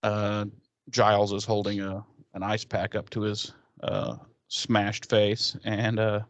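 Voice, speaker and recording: A man's voice: on the low side, flat delivery, takes it slowly, no room sound. A man co-hosting a podcast, loosely retelling a TV episode with lots of fillers and casual swearing. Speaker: podcast co-host. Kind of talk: casual episode recap chat.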